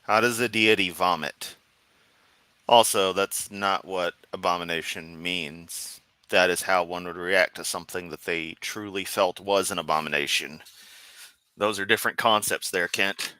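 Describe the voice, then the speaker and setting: A man streaming sarcastic comedic commentary while reacting to a video, mocking in a deadpan way. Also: deep voice, unhurried, smooth, dry recording.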